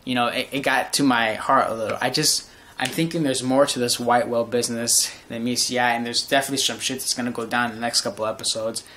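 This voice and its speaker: A man giving a casual anime episode review, animated and profane, with lots of fillers and restarts. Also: mid-range voice, fast, a little hiss or hum.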